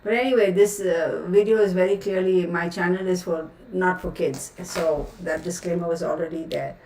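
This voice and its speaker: A woman's voice: on the low side, fairly even intonation, moderate pace, a little mellow. A woman who reads tarot, chatting casually on a livestream, and she rants outspokenly and in exasperation, with many fillers. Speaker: tarot reader hosting a livestream. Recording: roomy sound from a distant mic.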